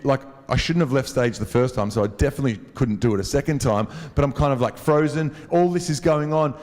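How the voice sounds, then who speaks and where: A man with a somewhat high voice tells a comic, self-mocking story to a live crowd. His chatty delivery carries a long reverb from a large hall, picked up on a stage microphone. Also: darkish tone. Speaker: worship leader. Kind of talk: humorous storytelling talk to a live audience. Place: large venue with an audience.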